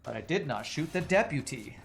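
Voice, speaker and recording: A man's voice: a little high, big pitch swings, brisk, vocal fry. A man streaming a video game, musing aloud and chatting with his viewers. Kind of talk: casual gameplay commentary.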